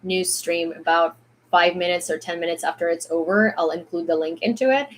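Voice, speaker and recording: A woman's voice: on the low side, fairly quick, slight background noise. A woman from Ukraine with a mildly American-sounding accent in English, reading news on a stream and chatting through it with many fillers. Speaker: news livestreamer. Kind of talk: casual news commentary stream.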